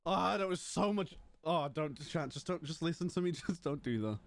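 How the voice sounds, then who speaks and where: Rambling young streamer. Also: male voice, on the high side, lively intonation, normal speed, vocal fry, no echo. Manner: rambling, joking, swearing. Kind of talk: casual live-stream chat.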